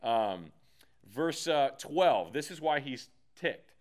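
A man leading a casual Bible study, animated and slangy, acting out the characters as he teaches. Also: medium pitch, takes it slowly. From United States.

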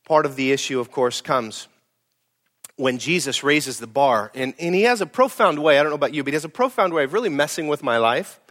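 A middle-aged man, a pastor preaching a sermon in a blunt, emphatic way, swinging from loud to hushed. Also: on the high side, animated, fairly quick.

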